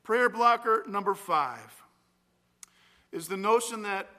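A male pastor preaching a sermon in a church, earnest and deliberate, drifting into spoken prayer. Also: high voice, lively intonation, bright, forceful tone. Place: church sanctuary. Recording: long church hall reverb.

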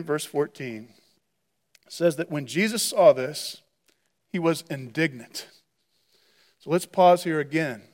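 A man preaching a sermon, telling the story in an animated way and often restarting his words. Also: a little high. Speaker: pastor.

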